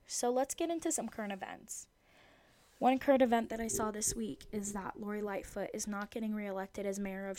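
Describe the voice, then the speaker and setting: A woman's voice: medium pitch, a little mellow. A woman of twenty hosting her own podcast, chatting in a rambling, jokey way. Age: 20s. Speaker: podcast host. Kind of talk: casual solo podcast chat.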